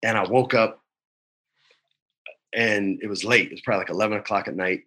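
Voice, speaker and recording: Bright-voiced man telling a story. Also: on the low side, steady tone, fairly quick. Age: 40s. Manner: emotional, choked up while storytelling; laid-back, says man and dude a lot. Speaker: actor guest. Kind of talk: casual interview chat. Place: his home.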